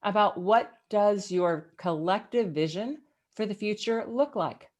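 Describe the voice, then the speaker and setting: A middle-aged woman, an executive guest, giving motivational advice in an interview with emphatic, animated delivery. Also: a little slow. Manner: emphatic and animated, with big swings in pitch.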